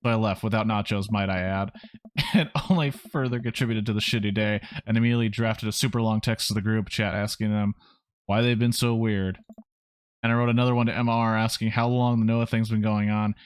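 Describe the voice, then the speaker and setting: A man reading the lines of a hurt, angry teenage girl from a dating game, in his own low voice. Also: steady tone, fairly quick, smooth, no room sound, clean studio sound, lightly acted. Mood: upset. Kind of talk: reading game dialogue aloud.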